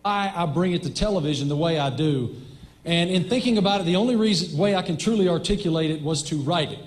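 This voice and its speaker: A man's voice: fairly high pitch, fast talker. A man from Virginia reading a heartfelt letter for a television piece.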